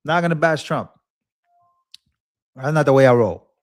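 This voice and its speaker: A man's voice: fairly high pitch, lively intonation, normal speed, no room sound, clean studio sound. Earnest young man rambling on a live stream. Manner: earnest, rambling, repeats himself. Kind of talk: emotional live-stream talk.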